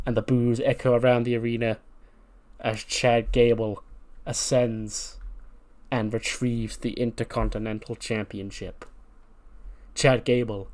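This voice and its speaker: A man narrating his wrestling management game with playful play-by-play and chuckling asides. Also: mid-range voice. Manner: mock commentator delivery, chuckling asides.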